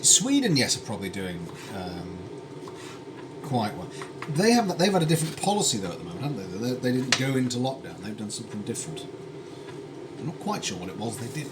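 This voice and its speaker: A British man talks casually while he cooks, and his pitch rises and falls a lot. He is wry and full of tangents. Pans and dishes clatter clearly behind him in a home kitchen. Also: heavy background noise. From United Kingdom. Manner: chatty and wry, with tangents and dry asides. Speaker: streamer cooking live. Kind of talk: casual cooking stream chat.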